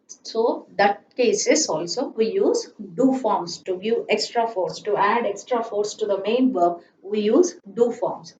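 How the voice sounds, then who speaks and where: A woman teaching grammar from a chalkboard, slowly repeating her examples and checking in with "isn't it?". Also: mid-range voice, a little mellow, far from the mic, slight background noise. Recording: echoey room, voice off-mic, slightly dull.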